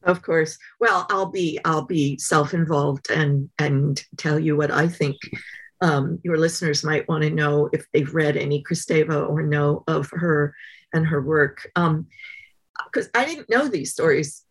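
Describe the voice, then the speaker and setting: Woman interview guest, low husky voice, unhurried and reflective storytelling. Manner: thoughtful, measured storytelling with many pauses. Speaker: guest author. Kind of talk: interview conversation.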